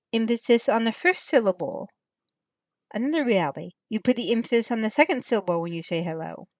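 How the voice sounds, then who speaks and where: A woman's voice: on the high side, no room sound, highs cut off. A woman hosting her own channel, chatting casually and rambling, thinking aloud, trailing off and restarting her thoughts. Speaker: channel host. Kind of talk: rambling casual livestream chat.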